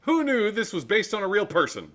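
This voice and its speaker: Upbeat higher-voiced male quiz host. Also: very animated, a little fast, fairly bright tone. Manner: playful, laughs at his own jokes. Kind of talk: game show hosting over video call.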